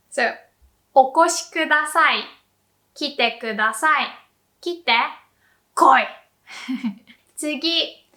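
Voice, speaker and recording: A young woman gives an online language lesson in a high, clear voice. Her delivery is lively, with light laughs scattered through her explanations. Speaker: Japanese language teacher.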